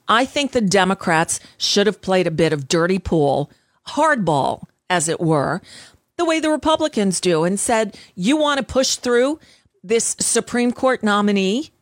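A woman's voice: lowish voice, no echo, studio quality. A woman hosting a talk radio show, giving blunt, sarcastic, conversational commentary on the news.

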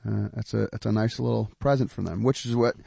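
Man, podcast co-host, gravelly fry, mid pitch, dry close sound, easygoing talk. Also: fast talker, no echo. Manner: steady, agreeable, repeats himself. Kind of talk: casual podcast chat.

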